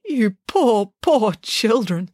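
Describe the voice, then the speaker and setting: A bold, vain pig nanny, played by a woman storyteller talks in a high, cheeky, showy voice. The reading is close and dry. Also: big pitch swings, normal speed, fairly bright tone, no echo. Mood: grandly sympathetic. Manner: brash, cheeky, theatrical.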